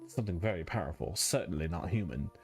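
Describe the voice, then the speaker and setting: A man's voice: deep voice, animated, fast, darkish tone, faint music behind, voice pushed down. A man voicing a stern male ship computer with a put-on British accent, giving formal, clipped orders.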